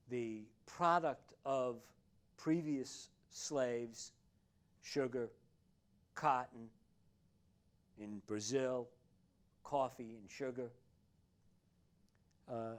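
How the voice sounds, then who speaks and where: A man giving a university history lecture, speaking deliberately with many pauses and fillers and leaning on key words. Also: medium pitch, clear, resonant tone. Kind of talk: classroom lecture.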